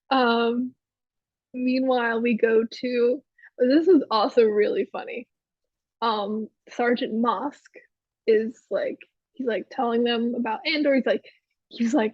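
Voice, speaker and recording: A woman's voice: a little high, slow, long pauses, dry recording. Chatty woman podcaster, dull dry sound. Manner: chatty, rambling with many fillers and giggles. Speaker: podcast co-host. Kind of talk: casual chat recapping a TV episode.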